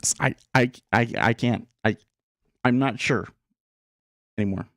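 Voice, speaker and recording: A man's voice: mid-range voice, unhurried, creaky, a bit bright, no echo, clean studio sound. A man hosting a live day trading stream, thinking aloud and rambling in a casual, self-deprecating way. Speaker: day trading livestream host. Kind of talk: live market commentary.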